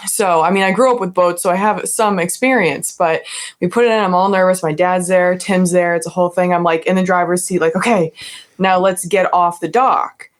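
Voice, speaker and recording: A young woman from New England, a podcast guest, telling a story in a chatty, animated way with lots of "like". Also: on the low side, a little fast. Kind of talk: casual storytelling.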